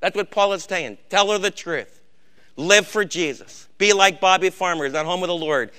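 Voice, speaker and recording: An older man with a gray beard preaching a sermon, urging his congregation and swinging between hushed warnings and shouted exhortation. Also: high voice, moderate pace, smooth. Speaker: pastor.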